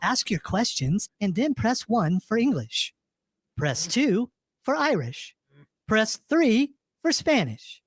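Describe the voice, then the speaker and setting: Woman doing a phone menu voice, slow, lively pitch, faint music behind. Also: breathy edge, dry recording, studio quality, full character voice. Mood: deadpan.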